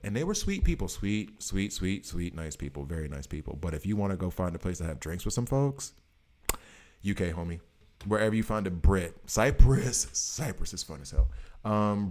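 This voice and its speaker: A man's voice: low voice, fast talker. An American man in his late thirties, chatting loosely with viewers on a live stream in a rambling, slangy way. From United States. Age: 30s. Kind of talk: casual chat with viewers.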